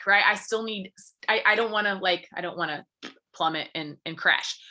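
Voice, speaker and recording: A young woman talks to her business team in an earnest, encouraging way, rambling a little and leaning on fillers. Her voice is bright and forceful at a middle pitch. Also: moderate pace. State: briefly tearful. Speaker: business coach. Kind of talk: motivational talk to her team.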